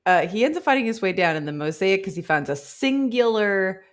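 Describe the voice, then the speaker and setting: A woman's voice: mid-range voice, sing-song, a little fast. A woman co-hosting a book club podcast, retelling the story playfully with comic quoted asides. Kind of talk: casual chat.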